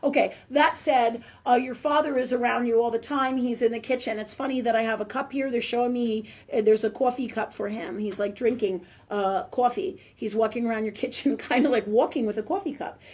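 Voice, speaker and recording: Lady medium doing a live spiritual talk, kinda high voice, chatty, lots of "right?". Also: a little fast, hardly any pauses, a little mellow. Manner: chatty, with constant "right?" tag questions.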